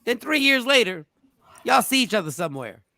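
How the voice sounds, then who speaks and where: Excitable high-voiced male show host. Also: fairly quick, gravelly, no room sound. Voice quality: voice he calls irritating. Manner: excitable, animated, emphatic. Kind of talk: casual morning show talk.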